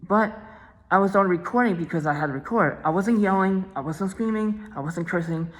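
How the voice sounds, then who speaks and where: A woman's voice: on the low side, brisk, in a large hall, low-quality recording. A woman vlogger talking casually to the camera, repeating herself and restarting phrases, insistent and aggrieved.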